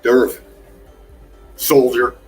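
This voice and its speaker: A man hosts a casual livestream, heaping praise on each viewer who turns up. He talks at a middle pitch, calls people darling and laughs often. Faint music plays underneath. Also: little pitch movement, extremely slow. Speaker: livestream host. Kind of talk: casual livestream shout-outs.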